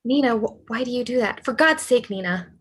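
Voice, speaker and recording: Over a video call picked up by a computer mic, a woman with a fairly high, husky voice cold-reads the part of a despairing, lovesick young male writer. Her delivery is brisk, earnest and pleading.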